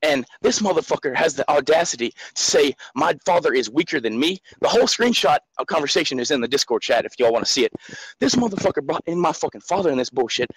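A man's voice: fairly high pitch, expressive, fast, slightly rough, no room sound, poor audio. A man in his twenties calling into a live stream, ranting angrily and swearing nonstop. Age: 20s. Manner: furious, profane, shouting. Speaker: caller. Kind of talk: angry rant on a live call-in stream.

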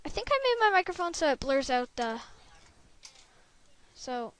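A woman's voice: high-pitched, sing-song, measured pace. A female gamer chatting casually through her gameplay at a home computer, rambling and correcting herself as she goes, into a desktop microphone. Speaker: gameplay video maker.

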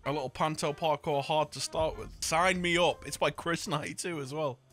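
A man's voice: a little high, steady tone, a little fast, a bit bright, soft background music. A young man teasing his friends during a game, cheeky and full of catchphrases. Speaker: gamer. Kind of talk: casual gaming banter.

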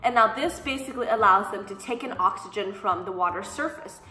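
A young woman vlogger telling casual storytime anecdotes in an animated, sassy way, mimicking the people she quotes. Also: mid-range voice, a little fast. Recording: echoey room, faint background music.

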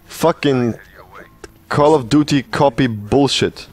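A man's voice: mid-range voice, slow, darkish tone, faint music behind. A man giving a profane, sarcastic rant as gameplay commentary, mocking the game he is playing. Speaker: gaming channel host.

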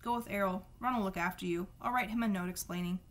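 A woman reading the lines of a cool-headed teenage boy, calm and measured. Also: mid-range voice, natural voice. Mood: calm, pleading.

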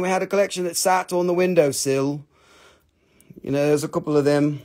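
A man's voice: fairly high pitch, fairly even intonation, quick pace, darkish tone. A man hosting a live sale, rambling casually, swearing and repeating prices. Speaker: live stream seller of minerals. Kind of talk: casual live sales talk.

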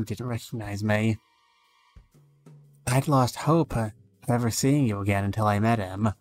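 A man reads a game's conversation aloud, taking both sides in a mid-pitched voice. Now and then his voice lifts sharply. Soft game music plays behind him. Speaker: streamer. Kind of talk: reading game dialogue aloud.

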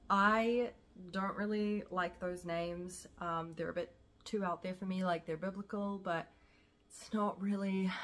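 A young woman with a New Zealand accent talks to the camera in a relaxed, gushing vlog chat. Her voice sits a little low for a woman, and she sounds enthusiastic and talkative. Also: slight background noise. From South Africa. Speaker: vlogger.

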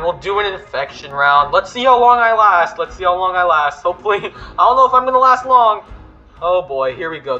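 A man hosting a gaming video, commenting excitably and panicking with repeated words. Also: high-pitched, lo-fi sound.

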